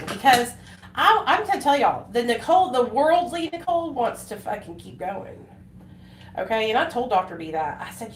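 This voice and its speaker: A woman's voice: on the high side, animated, moderate pace. A woman, chatting on a casual live stream in a rambling, emotional way with many fillers and restarts. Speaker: livestreaming vlogger. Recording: echoey room with faint noise.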